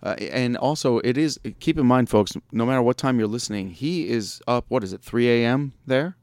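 A man's voice: medium pitch, normal speed, darkish tone, no room sound. A man hosting a podcast in casual interview chat, joking and laughing often as he rambles. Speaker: podcast host.

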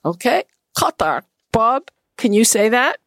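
A woman hosting a radio talk show, interviewing a guest in a measured, precise way. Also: mid-range voice, lively intonation, dry recording. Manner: measured, precise about pronunciation.

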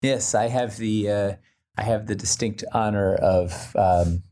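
An excitable man with a very deep, dark, mellow voice, talking as a guest on a casual podcast. He rambles and restarts his sentences in his eagerness to explain things. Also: a little slow. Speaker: podcast guest, creative director.

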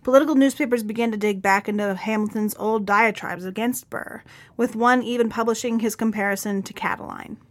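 A woman reads a history script as a podcast co-host, her voice sitting a little high. She tells it with lively energy and drops in casual asides. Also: fairly quick. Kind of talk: scripted history narration with banter.

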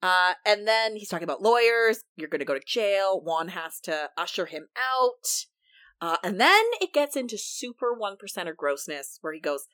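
A woman co-hosting a casual podcast, retelling events with animated quotes. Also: medium pitch, moderate pace. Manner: animated storytelling, quoting people. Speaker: podcast co-host. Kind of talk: casual recap chat.

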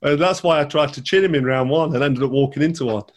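A man's voice: fairly high pitch, quick pace. Chatty man, rambling. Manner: rambling, repeats words, swears casually. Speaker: podcast guest, former boxer. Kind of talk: casual chat.

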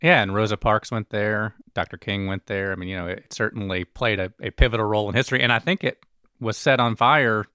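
A man hosting a podcast, measured and steering the discussion in casual chat. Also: lowish voice, pushed and bright, clear, resonant tone, no echo, clean studio sound. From Alabama. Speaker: podcast host.

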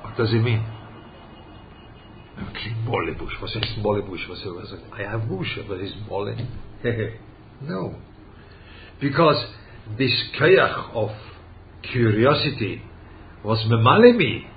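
A man giving a religious lesson, halting and searching for words as he poses rhetorical questions. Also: lowish voice, expressive, slight background noise. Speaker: rabbi teaching Torah. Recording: dull lo-fi recording.

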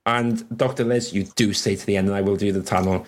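A man's voice: on the low side, fairly even intonation, fairly quick. A man from Wales hosting a casual livestream chat, chatty and rambling, laughing often. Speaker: host.

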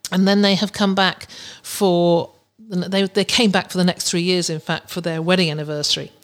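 A woman's voice: fairly low pitch, level tone, moderate pace. A woman hosting a podcast, giving casual advice in a chatty way with many restarts and fillers. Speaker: podcast host.

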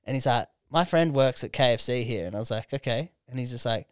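A man's voice: mid-range voice, fairly quick, smooth, dry recording. A young Australian man, a comedian, telling a story in casual chat, swearing freely and acting out what people said. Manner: animated, swears a lot, acts out quotes. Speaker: comedian podcast co-host. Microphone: studio microphone.

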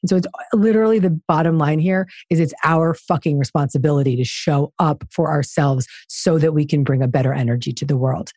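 A woman's voice: deep voice, brisk, hardly any pauses, warm tone, dry recording, studio quality. A woman guest author talking in an interview, emphatic and preachy in her delivery. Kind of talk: conversational interview.

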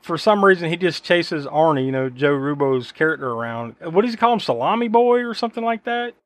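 A man's voice: on the high side, animated, brisk. A man hosting a podcast, chatting casually about a film in a rambling, profane way full of fillers. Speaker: podcast host.

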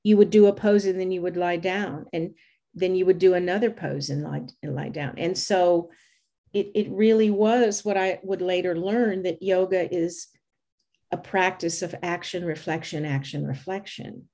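An older woman with a Southern American accent, speaking slowly and thoughtfully as an interview guest. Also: on the low side, steady tone, mellow. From United States. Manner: measured, slow, thoughtful delivery. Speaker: yoga teacher, interview guest. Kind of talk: reflective conversational interview.

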